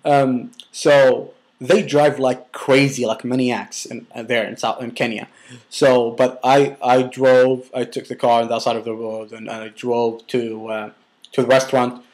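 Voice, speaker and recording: Young man, casual storytelling, rambling, restarts, filler words, blunt swearing, mid-pitched voice. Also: little pitch movement, a little slow, a little mellow.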